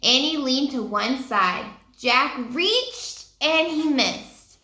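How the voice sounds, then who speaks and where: A woman reading a children's book aloud in an expressive way, stopping to ask her listeners questions. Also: sits high, takes it slowly. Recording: roomy echo.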